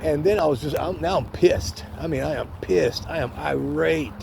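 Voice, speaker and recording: A man's voice: fairly high pitch, moderate pace, creaky. An older man casually telling a story from his own life, rambling and candid, swearing and acting out what people said, recorded on a phone outdoors by a street. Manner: rambling, candid, restarts often, swears, acts out quotes. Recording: faint street noise outdoors.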